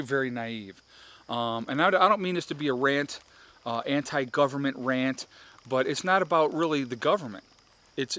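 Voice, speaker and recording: A man's voice: medium pitch, slight background noise. A middle-aged man ranting heatedly to his viewers in a vlog, repeating himself and talking to them directly. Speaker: vlogger. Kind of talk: ranting to camera.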